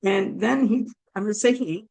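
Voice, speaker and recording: Woman, hoarse and gravelly, middle pitch; animated personal storyteller who acts out her own past thoughts. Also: normal speed, poor audio. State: hoarse, damaged throat. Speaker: guest telling her near-death story.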